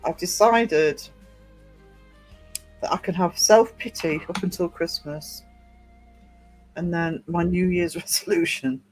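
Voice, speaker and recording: A man's voice: on the high side, a bit bright. A man hosting a casual livestream, rambling through viewer comments with lots of ums and restarts. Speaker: livestream host and small publisher.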